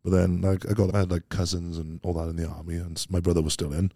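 A man's voice: low voice, little pitch movement, fast, mellow, no echo, studio quality. A Welsh man telling stories as a podcast guest, rambling and laughing easily, full of British slang. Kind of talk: casual chat.

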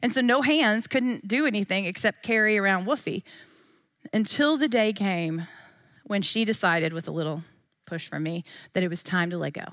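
A woman's voice: mid-range voice, moderate pace, a bit bright, no echo. Woman in her 40s, Bible study teacher, chatty and playful, dry close sound. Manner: chatty and playful, with frequent asides.

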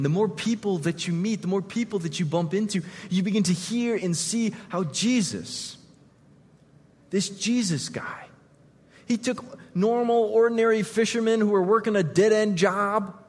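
A man preaching a sermon as pastor, retelling scenes vividly and swinging from loud to hushed. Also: high voice, slightly rough, big-room sound.

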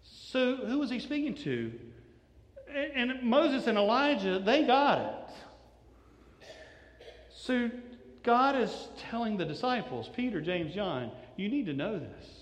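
A man's voice: very high-pitched, big pitch swings, slow pace, pauses often. A man preaching a sermon as a pastor, telling the story in a conversational way and acting out the lines of the people in it. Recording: echoey hall.

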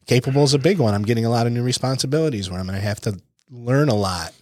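A man's voice: mid-range voice, rapid-fire, a little mellow, no echo. A man co-hosting a podcast, talking in a casual, reflective way and repeating points for emphasis. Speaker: podcast co-host. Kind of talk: casual chat.

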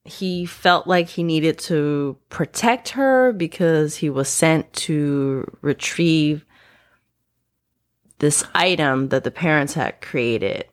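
A woman's voice: low voice, slow pace. A woman co-hosting a podcast in casual chat, agreeable and chiming in often. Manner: agreeable, lively, chimes in often. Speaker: podcast co-host.

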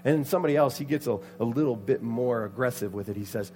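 A man preaching a sermon, telling a Bible story with lively acted-out voices and sudden loud outbursts. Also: medium pitch, fast. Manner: animated, acts out the characters' voices with loud outbursts. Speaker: pastor.

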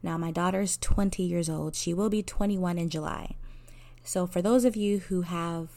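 A counselor in her forties, a woman with a lowish voice at normal speed, candidly tells a personal story in a conversational way. She laughs at herself and quotes people in lively voices.

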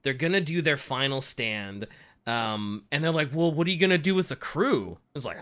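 A man co-hosting a casual book discussion podcast, laughing often and acting out characters in quick voices. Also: fairly high pitch, big pitch swings, bright, forceful tone. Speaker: podcast co-host.

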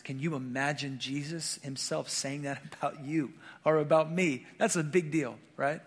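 A man's voice: on the high side, fairly even intonation, normal speed, slightly rough. A male pastor preaching a sermon in a conversational way, often checking in with the congregation with questions. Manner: frequent fillers and restarts.

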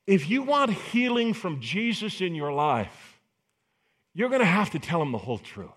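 Male pastor, sermon delivery, higher voice, lively pitch, acts out voices. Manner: animated, acts out voices of biblical figures.

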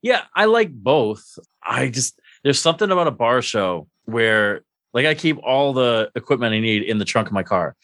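A man's voice: medium pitch, big pitch swings, moderate pace, a bit bright, no echo. A man hosting a casual interview, asking curious, easygoing questions. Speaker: podcast host.

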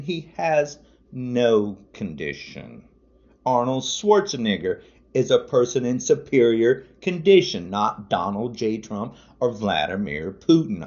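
A man's voice: medium pitch, a little mellow. A man podcasting an angry political rant, furious and repetitive, hurling insults. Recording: dull lo-fi audio.

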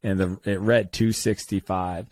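A man in his thirties, a guest author telling stories in a podcast interview, lively and acting out the voices of others. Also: unhurried, no room sound. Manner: animated, acts out quoted voices with big pitch jumps.

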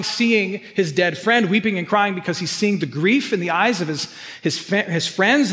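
High-voiced pastor preaching in a reverberant hall. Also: male voice, fairly bright tone. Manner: earnest, repeats words when stressing a point. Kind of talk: sermon.

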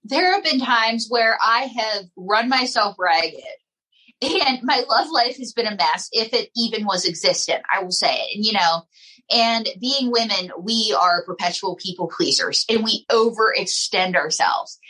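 A woman's voice: a little high, a little slow, pushed and bright, breathy edge, rough recording. A woman, a guest ventriloquist and comedian, chatting and telling stories on a podcast, laughing often. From United States. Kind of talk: casual podcast chat.

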